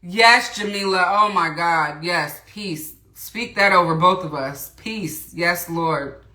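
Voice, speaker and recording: A woman's voice: lowish voice, takes it slowly, pushed and bright. Chatty woman hosting a makeup livestream. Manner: chatty, greets viewers and reads comments aloud. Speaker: beauty livestream host. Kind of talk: casual makeup tutorial livestream. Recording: roomy echo.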